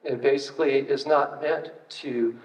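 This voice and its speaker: Speaking at a moderate pace with a steady, mid-range voice, an older retired archaeologist delivers an informal public talk with slides. He tells anecdotes, uses lots of fillers and throws in wry remarks. The hall recording sounds distant, roomy and dull.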